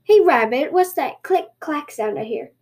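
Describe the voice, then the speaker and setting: A woman's voice: high voice, expressive, a little mellow, voice pushed up. A woman voicing a hot-tempered, gullible male tanuki who yelps and blusters threats. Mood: puzzled. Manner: yelping, blustering, quick to threaten.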